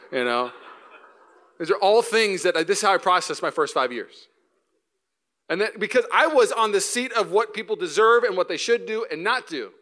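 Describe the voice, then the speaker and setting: A man preaching a sermon as pastor, animated and joking, often repeating and restarting words. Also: fairly high pitch. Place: church.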